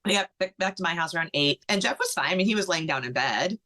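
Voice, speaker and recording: A middle-aged woman, a podcast guest, tells a personal story in an animated way, acting out what others said, with many "like" fillers. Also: lowish voice, fast talker.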